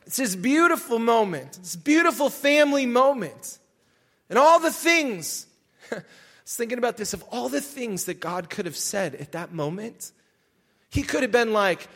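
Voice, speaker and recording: A male pastor preaching a sermon in an animated way, shouting for emphasis. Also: very high-pitched, moderate pace.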